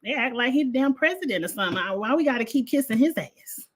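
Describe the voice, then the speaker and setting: A woman, reviewing a reality show in a blunt, animated casual livestream chat with frequent laughter. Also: a little high, quick pace. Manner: blunt, animated, laughs often, uses slang.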